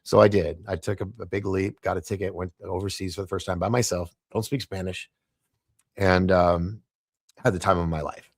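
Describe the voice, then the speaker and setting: A middle-aged man with a low, gravelly voice tells a long anecdote as a podcast guest. He acts out each line of quoted dialogue with animated shifts of voice. The sound is dry and close. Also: moderate pace, dry recording. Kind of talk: casual storytelling in a podcast interview.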